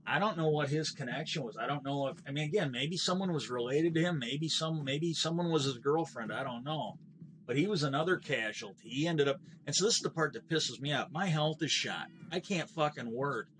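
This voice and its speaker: A man's voice: on the high side, brisk, a bit bright, slight background noise. A middle-aged man streaming a game, telling a long story in a bitter, profane, rambling way with frequent restarts. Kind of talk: casual ranting storytelling while gaming.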